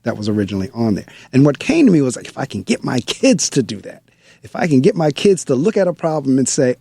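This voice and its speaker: A man hosting a conversational interview, speaking as a school principal. His voice is mellow and dry, recorded close with little room sound. He tells stories with animated emphasis and repeats phrases to drive a point home. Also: mid-range voice, quick pace, vocal fry, husky, dry recording.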